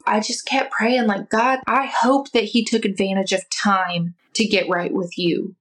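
A woman's voice: medium pitch, level tone, unhurried, a bit bright, rough recording. A woman guest speaking earnestly and from the heart as she tells a personal faith story, sometimes restarting her words. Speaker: interview guest. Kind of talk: personal faith testimony in conversation.

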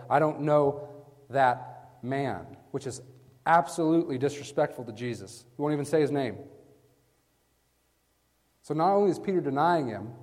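A man preaching a sermon with emphatic stress, swinging from hushed lines to loud bursts and often asking his listeners "right?". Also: a little high. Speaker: preacher teaching a Bible passage. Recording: long reverb from a large hall.

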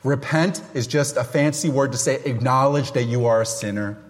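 A middle-aged man preaching a sermon as a pastor, loud and emphatic, with self-deprecating humor. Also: medium pitch, moderate pace, big-room sound.

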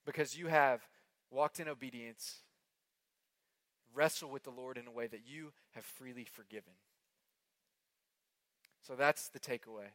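A man preaching a sermon as pastor, earnest and emphatic, repeating phrases and moving between hushed and impassioned delivery. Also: mid-range voice, measured pace, long pauses, dry recording.

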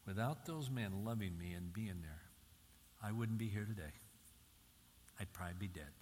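An older man speaks to an audience in an emphatic sermon style, leaning on repeated phrases. His voice sits low, and a long hall reverb trails each line over a faint background hum. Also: normal speed, darkish tone. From Michigan, US. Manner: emphatic, repeating key phrases with rising intensity. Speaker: Christian speaker.

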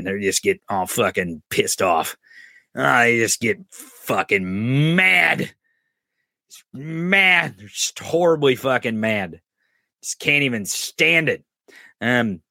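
A man's voice: mid-range voice, sharp tone, no room sound, clean studio sound. A man hosting a podcast, giving crude, mocking political commentary and swearing constantly. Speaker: podcast host. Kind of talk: profane political commentary over clips.

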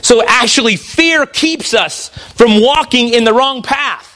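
A man's voice: very high-pitched, a little slow, pushed and bright. A man preaching a sermon, reading scripture passages aloud with emphasis.

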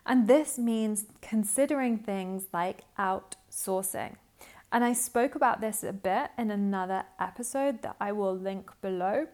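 A woman's voice: mid-range voice, darkish tone. A young adult woman hosting a solo podcast as a business coach, talking in a chatty, upbeat way and acting out inner thoughts. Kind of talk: casual solo podcast monologue.

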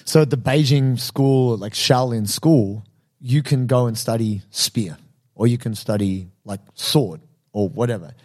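A man co-hosting a casual podcast chat. He tells film stories with eager enthusiasm and breaks into quick impressions of the people in them. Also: medium pitch, a little mellow. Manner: enthusiastic storyteller, fond of film trivia. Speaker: podcast co-host.

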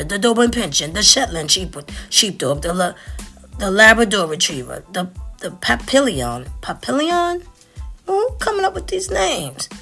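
Lively, bright-voiced woman with sassy asides. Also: mid-range voice. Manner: chatty and playful, sassy asides, stumbles over breed names. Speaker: pet vlogger. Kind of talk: casual chat reading dog breeds aloud.

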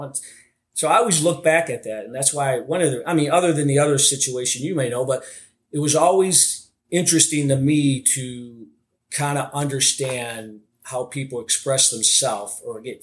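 A man hosting a casual podcast interview, rambling and leaning heavily on filler phrases. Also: mid-range voice. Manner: rambling, heavy on "like" and "you know".

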